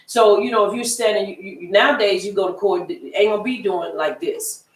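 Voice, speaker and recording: A woman's voice: mid-range voice, fairly quick, recorded from a distance. A woman teaching a Bible study class in a conversational, folksy way, often repeating herself and acting out the voices she quotes. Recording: echoey room, voice from off-mic.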